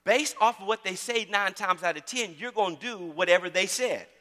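A man preaching a sermon in a church, calling out to the congregation and repeating phrases as he builds to shouts. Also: sits high, normal speed, big-room sound. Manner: call-and-response preaching, repeats words, rising to shouts. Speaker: pastor.

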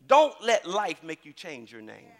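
A man preaching a sermon in a church, calling out to the congregation and repeating phrases as he builds to shouts. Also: sits high, huge pitch swings, measured pace, big-room sound, some chatter behind. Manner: call-and-response preaching, repeats words, rising to shouts. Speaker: pastor.

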